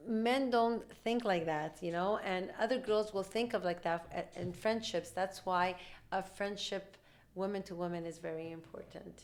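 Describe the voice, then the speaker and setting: Woman, podcast host, casual storytelling, rapid animated delivery, acts out quotes, mid pitch. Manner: rapid, animated talk, acting out quoted dialogue. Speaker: mother.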